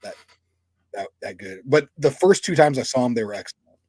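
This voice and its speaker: A man co-hosting a podcast in casual chat, telling stories in a relaxed way and laughing easily. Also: medium pitch, fairly quick, slightly rough, no echo. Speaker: podcast co-host.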